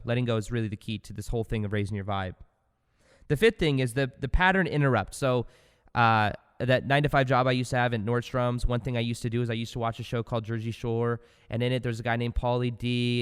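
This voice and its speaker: A man hosts a spiritual self-help podcast in a loose, animated motivational style, dropping into low asides and then jumping to loud bursts. His voice sounds smooth and resonant at a middle pitch. A long reverb trails after his words. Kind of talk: casual motivational talk.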